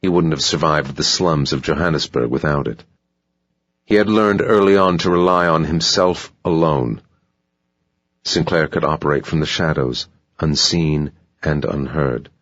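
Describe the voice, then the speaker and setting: Man, audiobook narrator, measured pace, husky voice, dry close sound. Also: a bass voice, fairly bright tone, no room sound. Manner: slow, measured. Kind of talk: scripted narration. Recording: dull dry audiobook recording.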